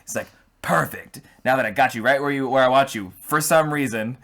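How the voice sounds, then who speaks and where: A man's voice: mid-range voice, brisk, a bit bright. A man co-hosting a podcast, talking in a rambling, joking way and breaking into goofy voices to act out scenes. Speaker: podcast co-host. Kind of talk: casual chat.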